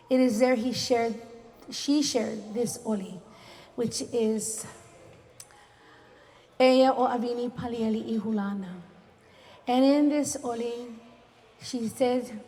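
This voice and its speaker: A woman with a Hawaiian Pidgin lilt talks story about her ancestors, earnest and heartfelt. Her voice sits slightly high. It echoes with a long, reverberant tail. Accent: Hawaiian Pidgin-inflected English. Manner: earnest, warm-hearted, sprinkles Hawaiian words. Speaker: cultural storyteller. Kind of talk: heartfelt talk story at a community gathering. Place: community reunion event.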